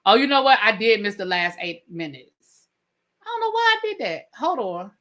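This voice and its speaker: Animated woman ranting on a live stream. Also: on the high side, moderate pace. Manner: animated, indignant, talks to chat as y'all. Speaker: reality TV reviewer.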